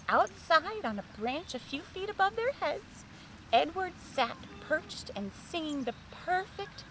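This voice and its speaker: Woman narrator, bright high voice, lively sing-song, slow children's story read. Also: background noise.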